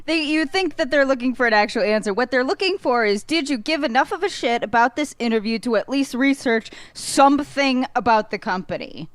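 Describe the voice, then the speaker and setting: A woman's voice: sits high, lively intonation, a little fast, few pauses, no echo. Blunt, profane young woman. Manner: blunt, profane, laughs often. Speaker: podcast guest. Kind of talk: casual podcast chat.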